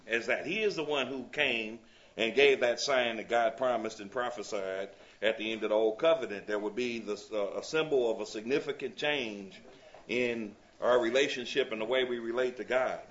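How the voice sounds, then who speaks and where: A man's voice: medium pitch, moderate pace, fairly bright tone, dull audio. A man leading a Bible study class. He reads scripture aloud and often checks in with his listeners, asking "you see?".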